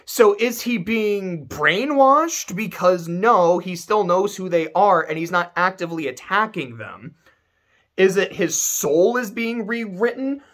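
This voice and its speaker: A man's voice: high-pitched, lively intonation, unhurried, fairly bright tone. A man giving casual game commentary to camera, emphatic and ranting, swearing freely. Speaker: video creator.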